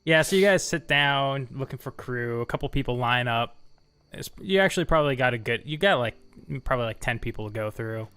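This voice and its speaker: A man running a tabletop game as game master, narrating loosely with frequent pauses and fillers. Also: medium pitch, expressive, sharp tone, clear, resonant tone. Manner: loose, hesitant, with many fillers.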